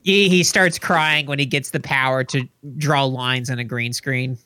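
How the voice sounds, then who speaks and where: A man co-hosting a comedy podcast, throwing in deadpan, absurd one-liners. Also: mid-range voice, measured pace, clean tone, no room sound. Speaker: podcast co-host. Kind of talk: casual comedy podcast chat.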